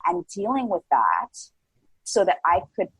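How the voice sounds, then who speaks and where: A woman in her forties talks as a podcast guest in a relaxed, animated way, full of "like" fillers and quick re-enactments of her own thoughts. Her voice sits on the low side with a husky, breathy edge. The recording is dry, with no room sound. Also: no echo, low-quality recording. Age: 40s. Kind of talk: casual interview chat.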